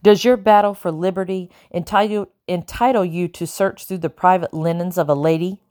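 A woman reading the part of an imperious, sharp-tongued colonial lady who speaks crisply and coldly in an audiobook. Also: lowish voice, fairly even intonation, moderate pace, close to an everyday voice. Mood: haughty. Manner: crisp, cold, demanding.

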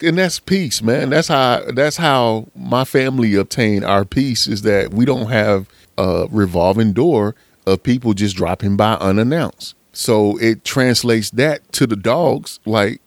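Man, low voice, casual slangy motivational monologue, dry close sound. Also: measured pace, no echo. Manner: preachy, repetitive, slangy, calls listener man. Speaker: motivational speaker.

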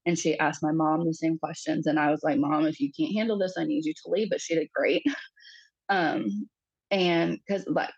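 A woman in her thirties sharing a personal story as a podcast guest, talking haltingly with many fillers and acting out the quoted voices. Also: low-pitched, fairly even intonation, breathy edge, no echo, lo-fi sound.

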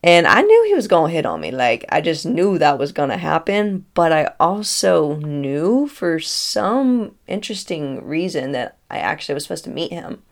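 A woman, telling a personal story in a casual, animated way, acting out dialogue and laughing often. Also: deep voice, normal speed, few pauses. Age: 30s.

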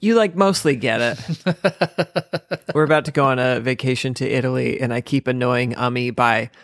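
A man's voice: mid-range voice, normal speed, fairly bright tone, dry recording. Laughing man, dry close sound. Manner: self-mocking, laughs often. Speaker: podcast co-host. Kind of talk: casual podcast chat.

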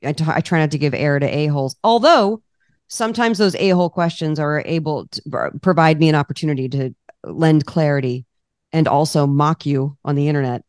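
A woman with a low voice chats as a podcast guest, spinning lively stories and breaking into laughs. The sound is close and dry, with no room around her. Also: brisk, clean tone, no room sound. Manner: lively storyteller, laughs often, acts out dialogue. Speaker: podcast guest, cookbook author. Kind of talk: casual interview chat.

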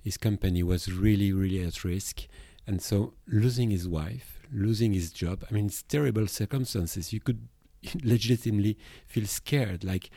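A Belgian man with a French accent talks through a solo podcast as a therapist, thoughtful and a little halting. His voice sits low and mellow. The sound is close and dry, with no room around it. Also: no room sound. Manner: reflective, with hesitations and restarts. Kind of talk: podcast monologue on emotions.

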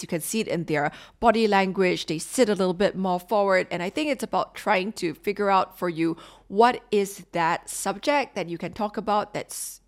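A woman hosting a podcast, giving earnest, conversational advice and asking herself questions as she goes. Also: fairly low pitch. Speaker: podcast host. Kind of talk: casual advice talk.

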